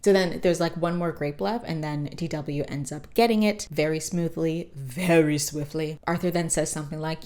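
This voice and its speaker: Low-voiced woman recapping a cartoon. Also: steady tone, moderate pace, few pauses, a little mellow. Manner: chatty, profane, lots of fillers and asides. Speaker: podcast host. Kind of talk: casual comedic episode recap.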